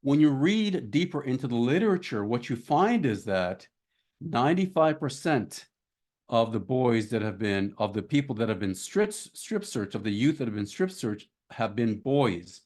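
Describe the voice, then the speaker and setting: A middle-aged man with a Canadian accent delivers an academic lecture. His voice sits in an ordinary middle pitch, and he speaks in a measured way, stressing the figures and pausing on ums. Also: big pitch swings, a little mellow.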